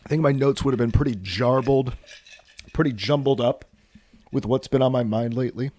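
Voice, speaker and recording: A man's voice: mid-range voice, moderate pace, darkish tone. A man hosting a solo casual podcast, rambling and cursing with self-mocking jokes, tired from too little sleep. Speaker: podcast host.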